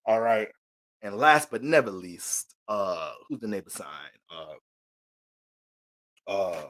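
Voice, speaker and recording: A man's voice: fairly low pitch, slow, long pauses. Profane joking man ranting about astrology. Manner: profane, joking, animated rants. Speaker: astrology reader. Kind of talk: casual unscripted astrology reading.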